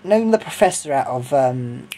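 A man's voice: mid-range voice, animated, normal speed, dark tone. A young man from Sussex, telling stories in a rambling, hesitant way with lots of ums and giggles. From Sussex, England. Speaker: vlogger. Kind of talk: casual storytelling.

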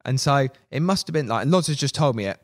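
A man, a podcast guest, telling animated anecdotes in casual chat, swearing freely and acting out quoted voices. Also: mid-range voice, fast. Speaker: podcast guest, media manager.

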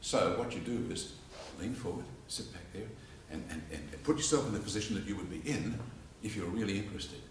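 An Australian man teaching public speaking to a live audience, telling stories and acting out quotes in an animated way. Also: on the low side, fairly quick, hardly any pauses, a little hiss or hum. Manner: animated storyteller, acts out quotes and laughs along. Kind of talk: informal lecture with demonstrations. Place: church hall with live audience. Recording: echoey hall from far off.

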